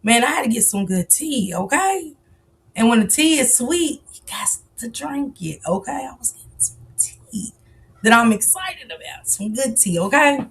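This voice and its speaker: A woman's voice: fairly high pitch, husky. Chatty woman livestream host, AAVE. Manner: greets chat viewers by name, drawn-out excited calls. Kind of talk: casual livestream chat.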